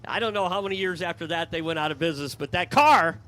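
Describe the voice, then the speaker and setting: A man who owns the track calls drag races as announcer, joking with his partner and rising to a shout at the finishes. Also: a little high, fast talker. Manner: upbeat, jokey, rises to a shout at finishes. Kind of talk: drag racing commentary.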